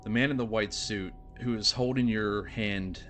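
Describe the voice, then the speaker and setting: A man serving as game master, narrating a tabletop role-playing scene in a measured, descriptive way. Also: fairly low pitch, fairly bright tone. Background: background music.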